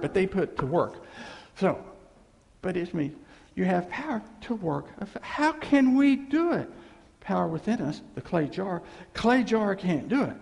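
A male pastor preaching an animated sermon, swinging between loud exclamations and low murmurs, in a reverberant church hall. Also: vocal fry.

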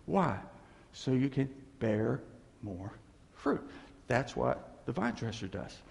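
A man preaching a sermon in a church, animated and laughing, acting out voices as he tells stories. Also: mid-range voice, slow, gravelly. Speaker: pastor. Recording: echoey hall reverb.

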